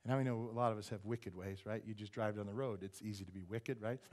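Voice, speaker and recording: A male pastor preaching a sermon in church, animated, firing rhetorical questions at the congregation and dropping joking asides. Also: on the low side, brisk. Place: church sanctuary.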